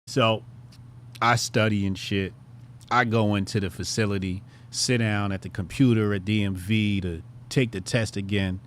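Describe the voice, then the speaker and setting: A man in his thirties hosting his show, telling a casual story with profanity and sudden loud, excited bursts. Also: fairly low pitch, normal speed, a little hiss or hum. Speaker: show host.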